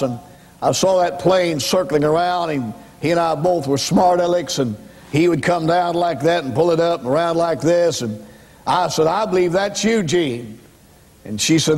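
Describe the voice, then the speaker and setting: An older evangelist tells his own testimony in a folksy, storytelling way. His voice sits a little high for a man. It rings out with a long reverb, as if recorded in a large church hall. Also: darkish tone. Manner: folksy storytelling, rising to impassioned cries. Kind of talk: testimony sermon.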